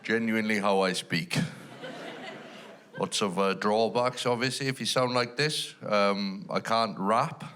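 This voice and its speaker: A Welshman with a fairly low, fairly bright voice tells dry, self-deprecating stories at a measured pace. He's a stand-up comedian performing on a large theatre stage before a live audience, and the live recording carries background noise.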